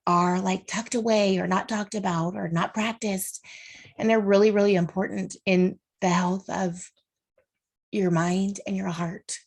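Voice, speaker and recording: A woman's voice: medium pitch, fairly even intonation, unhurried, vocal fry. Casting note: woman in her thirties, heartfelt solo podcast host, mid-range voice, sincere and direct. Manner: earnest, heartfelt, talks straight to listeners; faith-based encouragement. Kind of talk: solo motivational podcast monologue.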